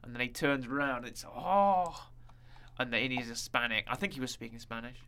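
A man's voice: medium pitch, little pitch movement, fast talker, sharp tone, smooth. A man co-hosting a casual chat, rambling and joking with many fillers. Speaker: podcast co-host.

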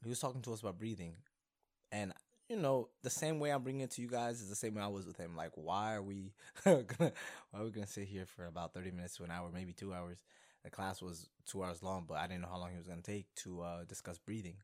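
A young man hosting his own podcast, talking casually and rambling excitedly, with many fillers and restarts. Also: sits low, fast talker. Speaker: podcast host. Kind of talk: casual solo podcast talk.

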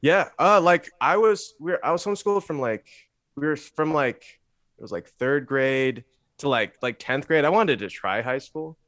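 A man's voice: a little high, lively intonation, a bit bright, no room sound. Rambling young man in casual chat. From San Francisco Bay Area, USA. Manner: rambling, halting, self-correcting. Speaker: guest musician.

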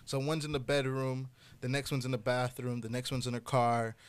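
A young man casually telling a personal story on a podcast, profane and animated, acting out the other people's lines. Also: mid-range voice, a little fast, clean tone. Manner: casual, profane, animated retelling with quoted dialogue.

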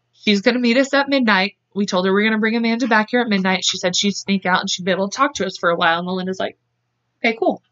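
A fast-talking podcast co-host with a medium-pitched, slightly bright voice spins a true-crime story in a loose, chatty way, frequently laughing and imitating people's voices as she quotes them. The recording has its highs cut off.

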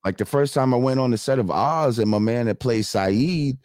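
A man's voice: mid-range voice, no echo, clean studio sound. A middle-aged man with a New York accent hosting a podcast, chatting casually and cursing freely. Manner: animated, swears freely, drawn-out asides. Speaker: podcast host. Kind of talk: casual interview chat.

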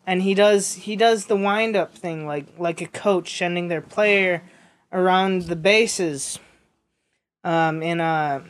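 A man's voice: high-pitched, takes it slowly, a little hiss or hum. A young man telling a rambling story in casual chat, with lots of fillers and restarts.

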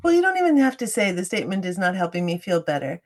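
A middle-aged woman speaking as a guest, gently guiding a meditation and explaining self-compassion, with a soft breathy voice and frequent laughter. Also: medium pitch, sing-song, fast talker. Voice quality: breathy, drops into soft whispers when guiding. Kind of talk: guided meditation and interview talk.

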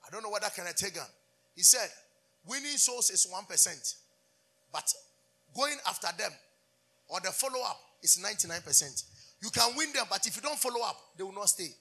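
A man's voice: high-pitched, sharp tone. A man preaching a fervent sermon, asking the congregation call-and-response questions and switching between English and Twi. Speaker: pastor.

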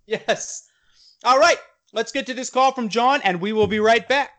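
A man co-hosting a podcast, chatting and joking in a loose, animated way. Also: very high-pitched, normal speed. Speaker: podcast co-host. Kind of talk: casual chat.

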